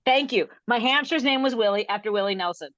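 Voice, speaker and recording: Fast-rambling woman comic on a dry video call. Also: fairly high pitch, fairly bright tone, no echo, lo-fi sound. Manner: rambling, self-interrupting, laughing at her own jokes. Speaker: stand-up comedian. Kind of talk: stand-up storytelling over video call.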